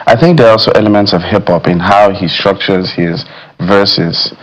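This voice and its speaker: A man talks music as a guest critic on a TV studio panel. His voice sits a little low and he muses his way through points, leaning on "you know" as he thinks. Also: moderate pace, lo-fi sound. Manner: thoughtful, with many fillers like "you know". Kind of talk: studio discussion. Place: television studio.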